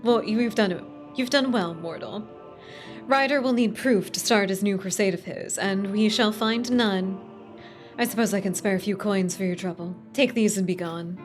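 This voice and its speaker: A woman's voice: mid-range voice, moderate pace, faint music behind, lightly acted. A woman playing a cold, imperious female overlord who dismisses a mortal servant. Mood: cold dismissive.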